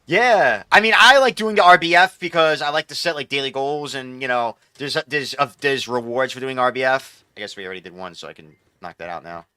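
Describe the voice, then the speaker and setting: A young man streaming live, commenting on his gameplay in an excitable, profane, rambling way. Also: mid-range voice, a little fast, hardly any pauses, clear, resonant tone, no room sound, studio quality.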